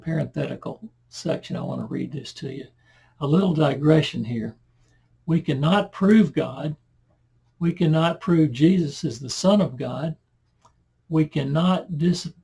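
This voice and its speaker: A man with a fairly high voice that is deeply husky and breathy, with gravel running underneath. He teaches a Bible passage verse by verse. He reads the verses out more loudly, then drops into relaxed conversational asides. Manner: conversational, loud when reading scripture aloud, asides and self-corrections.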